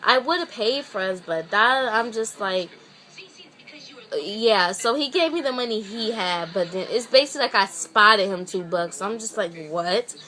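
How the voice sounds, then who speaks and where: Chatty young woman with a higher voice. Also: normal speed, few pauses, pushed and bright. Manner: chatty, exasperated, full of "I'm just like" asides. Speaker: vlogger. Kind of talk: casual storytelling.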